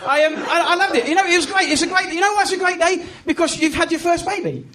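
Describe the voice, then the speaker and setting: A man's voice: extremely high pitch, quick pace. A man in his thirties with an English accent, doing a chatty, self-mocking stand-up set and teasing the audience. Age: 30s. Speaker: stand-up comedian. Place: comedy club stage. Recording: live club recording with crowd noise. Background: audience laughter and room noise.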